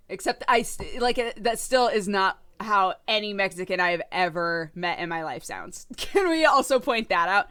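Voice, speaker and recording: A woman's voice: mid-range voice, lively intonation, moderate pace, few pauses, a bit bright, smooth. A woman streaming a game, chatting casually with her viewers in a self-deprecating way and laughing often. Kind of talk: casual live-stream chat while playing.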